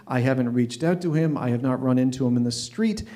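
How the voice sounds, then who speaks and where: A man's voice: mid-range voice, fairly quick. Wry, stammering man telling a story. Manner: wry, deadpan, with frequent stammered restarts. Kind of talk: live storytelling at an open mic. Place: stage at an open mic night.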